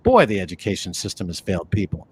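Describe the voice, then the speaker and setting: A man's voice: low voice, quick pace, husky. Rambling man talking on a podcast. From New York City area. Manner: animated, rambling, many fillers and restarts. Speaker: podcast co-host. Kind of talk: conversational podcast talk.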